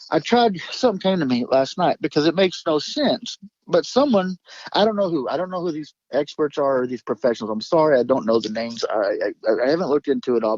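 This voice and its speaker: Man, higher voice, rambling storyteller, swears a lot, dry lo-fi sound. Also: a little mellow, dry recording. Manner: emphatic, profane, jumps between thoughts. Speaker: guest recounting an encounter.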